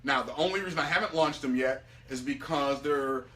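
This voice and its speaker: A man coaching his members in a live video pitch, energetic and repetitive, often restarting his sentences. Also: fairly quick. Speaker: business coach.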